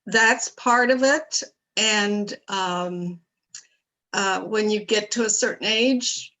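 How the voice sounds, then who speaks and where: An older woman sharing her thoughts in a measured, reflective way during a video call meeting. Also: on the high side, sharp tone, low-quality recording.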